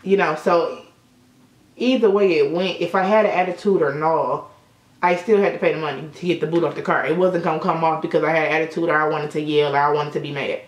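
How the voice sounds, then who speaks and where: A woman's voice: sits low, fairly even intonation, fairly quick. Give me a young woman casually talking through a makeup tutorial in an echoey room. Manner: chatty storytelling with frequent swearing. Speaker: beauty vlogger. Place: indoor room at sunset.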